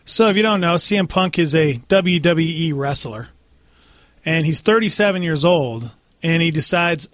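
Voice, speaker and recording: Lively goofy male radio co-host. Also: a little high, moderate pace, dry recording, studio quality. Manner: goofy, laughing, lively delivery. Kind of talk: morning radio banter.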